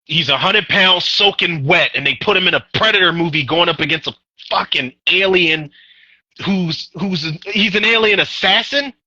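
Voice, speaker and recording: A man's voice: high-pitched, moderate pace, sharp tone, dry recording, dull audio. A man co-hosting a podcast in casual, profane, ranting chat about movies, with a sore throat. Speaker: podcast co-host.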